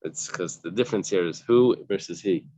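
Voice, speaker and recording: A man's voice: deep voice, moderate pace, dark tone. A man teaching a casual study-group class, explaining the text step by step and translating each phrase into plain English. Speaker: Talmud teacher. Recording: dull lo-fi recording.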